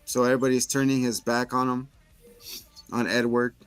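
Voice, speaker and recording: A man casually recapping a film for a podcast, retelling scenes with quick voices for the characters. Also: mid-range voice, level tone, a bit bright, clear, resonant tone, no echo, faint music behind. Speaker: podcast co-host. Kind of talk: casual movie review chat.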